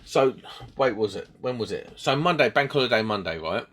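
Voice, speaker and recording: A man's voice: medium pitch, fairly quick. A man, telling a story on a podcast he co-hosts and laughing at himself. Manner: animated, acts out quoted voices, laughs at himself. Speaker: podcast host. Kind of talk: casual storytelling chat.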